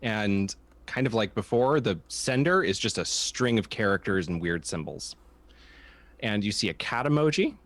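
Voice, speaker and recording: A male game master describes scenes for his players at an unhurried pace, pausing on "um" and "uh" as he builds each moment. His voice sits low but moves with lively rises and falls. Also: no room sound. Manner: measured descriptive narration with many fillers. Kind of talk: narrating a tabletop game.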